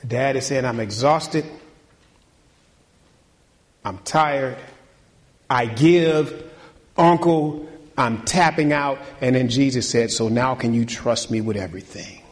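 A man preaching a sermon, folksy and conversational, swinging between loud, high exhortation and quiet, low talk. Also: takes it slowly, long pauses. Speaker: pastor.

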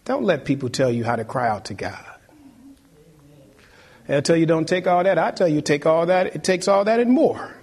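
A man with a fairly high, husky voice preaches a sermon. He drives his points home by repeating key phrases and urging the congregation to take note. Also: lively intonation, normal speed, pauses often, a little mellow. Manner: emphatic, repeats key phrases, exhorts listeners.

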